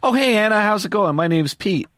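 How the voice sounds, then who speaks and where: A man's voice: sits high, lively intonation, a little fast, a bit bright, dry recording, studio quality. A man hosting a podcast, joking around and making prank phone calls with mock urgency. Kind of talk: casual prank-call banter.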